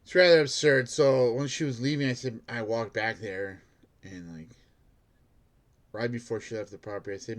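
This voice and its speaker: A man's voice: mid-range voice, moderate pace. A man who works as a bank security guard, telling a rambling story in a casual monologue, filled with "like" and laughing at himself.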